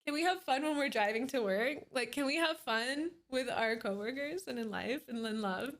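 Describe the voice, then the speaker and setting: A bubbly woman live streamer chats with her viewers from her computer, giggling as she greets people by name. Her voice sits high and sounds bright and crisp. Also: normal speed. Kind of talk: casual live-stream chat.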